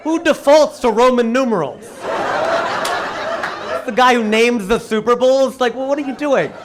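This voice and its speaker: A middle-aged man performing a stand-up comedy set on a club stage, with an animated, punchy delivery. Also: moderate pace, noisy background. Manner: animated, punchy delivery with sudden jumps in pitch.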